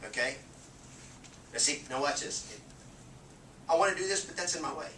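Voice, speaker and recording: A man with a slightly high voice delivers a punchy, energetic training talk to a room full of listeners. He keeps checking in with a quick "okay?". The recording is distant and echoey, with a noise floor. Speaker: real estate sales trainer. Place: meeting room with a live audience.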